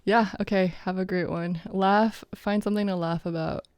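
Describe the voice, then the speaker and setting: A woman's voice: medium pitch, steady tone, normal speed, a little mellow, clear, resonant tone, no room sound, studio quality. A woman talking casually in a reflective vlog, rambling with many fillers and often breaking into laughter. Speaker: vlogger.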